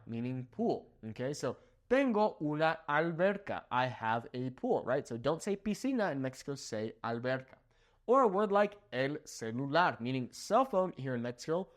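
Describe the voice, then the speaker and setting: A young man from Southern California, a native English speaker, giving a language lesson and checking in with "okay?" after nearly every point. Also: fairly high pitch. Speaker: Spanish teacher.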